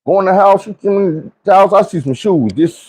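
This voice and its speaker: Animated husky-voiced male storyteller. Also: sits high, brisk. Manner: animated, profane, acts out quoted voices. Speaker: storyteller host. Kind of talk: casual comic storytelling.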